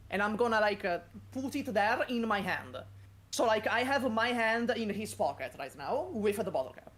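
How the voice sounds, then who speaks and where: A player in a tabletop game, eager and bargaining, speaking in halting bursts with fillers. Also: mid-range voice, lively intonation, a bit bright.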